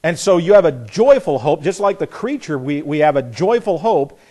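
An earnest man delivering a sermon with a slightly higher than average voice. He presses his points emphatically, asks rhetorical questions and often restarts his phrases as he works through the passage. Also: animated, moderate pace, mellow. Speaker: preacher.

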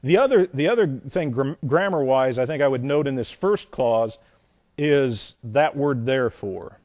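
Guy preaching bible study, punchy then quiet, repeats himself, dry close sound. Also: mid-range voice, lively intonation, unhurried, dry recording. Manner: emphatic, repeats phrases, swings from loud to quiet. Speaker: pastor. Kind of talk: expository Bible teaching.

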